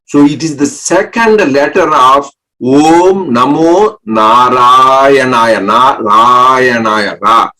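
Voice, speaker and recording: A man giving a spiritual talk, explaining mantras slowly and breaking words into syllables, pausing often for an interpreter. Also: medium pitch, fairly bright tone, low-quality recording. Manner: breaks words into syllables, with many restarts and pauses. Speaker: spiritual speaker.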